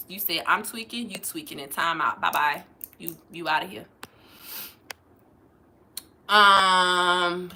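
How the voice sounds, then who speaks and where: A woman, hosting a livestream, reading out chat comments and loudly mocking trolls, cursing freely. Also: medium pitch. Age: 40s. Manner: loud, profane and mocking, calling out trolls. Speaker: livestream host.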